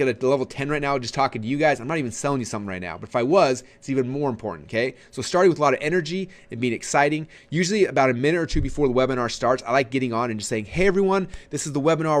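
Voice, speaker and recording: A man teaching marketing in a casual, energetic way, swinging his voice up and down, with many fillers and repeated words. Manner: energetic, animated, swings pitch up and down. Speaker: webinar trainer.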